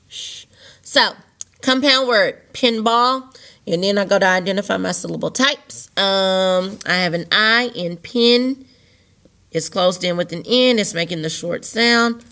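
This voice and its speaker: A woman's voice: fairly low pitch, fairly bright tone. A woman teacher patiently walking children through a phonics lesson step by step. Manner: patient, step-by-step explaining with rhetorical questions.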